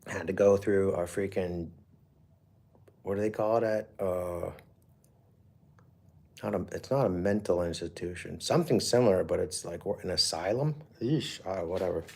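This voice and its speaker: A man's voice: sits low, moderate pace, gravelly, long pauses, slightly rough. A middle-aged man hosting a livestream, telling a rambling personal story in a profane, emotional way. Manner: profane, emotional, with frequent fillers. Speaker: livestream host.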